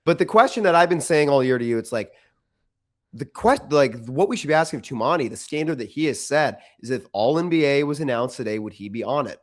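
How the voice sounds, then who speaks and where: A man's voice: mid-range voice, lively intonation, fairly quick. A man co-hosting a casual sports podcast, opinionated and full of restarts and "like"s. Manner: opinionated, restarts often, many likes. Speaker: podcast co-host.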